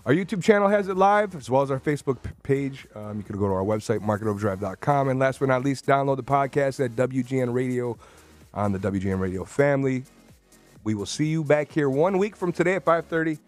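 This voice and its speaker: A man's voice: mid-range voice, quick pace, soft background music. A man hosting a talk show, joking through breezy banter and sign-offs.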